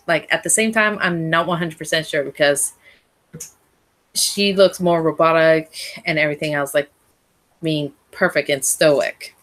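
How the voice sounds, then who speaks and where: A woman with a low, deep-set voice talks slowly through a casual fan recap of an episode. She rambles, breaks off mid-phrase and restarts as she goes. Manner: rambling, with frequent restarts and self-corrections. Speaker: fan reviewer.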